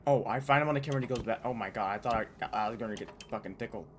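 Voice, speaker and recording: A young man gives casual commentary while he plays a horror game. He is excitable, swears freely and thinks out loud in an average-pitched voice. Clear noise runs under the recording. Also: rapid-fire. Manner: excitable, swears a lot, talks to himself. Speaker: gaming YouTuber. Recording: noisy game audio.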